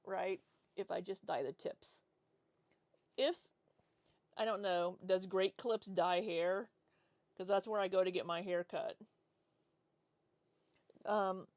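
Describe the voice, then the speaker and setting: A woman's voice: medium pitch, no room sound. A woman in her forties chatting casually on a livestream, rambling as she reads and answers chat. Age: 40s. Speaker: livestream host.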